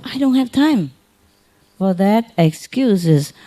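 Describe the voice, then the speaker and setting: A woman giving an informal spiritual talk to her followers, gentle and consoling, chuckling often, in non-native English. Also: mid-range voice, animated, slow. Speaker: spiritual teacher.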